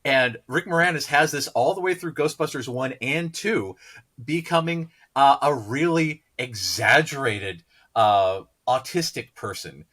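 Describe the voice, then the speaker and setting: A man's voice: mid-range voice, measured pace, a bit bright. A man co-hosting a podcast, chatting enthusiastically in long run-on stretches. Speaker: podcast co-host. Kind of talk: casual podcast chat.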